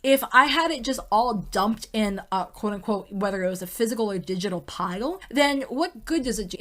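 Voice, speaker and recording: A woman in her thirties hosting a podcast, talking candidly and emotionally in a rambling personal monologue, swearing freely. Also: a little high. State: close to tears. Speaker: podcast host.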